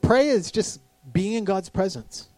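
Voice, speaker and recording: Male pastor, sermon, animated delivery, fairly high voice, dry sound. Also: a little slow, no room sound. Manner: animated preaching, acts out quoted voices.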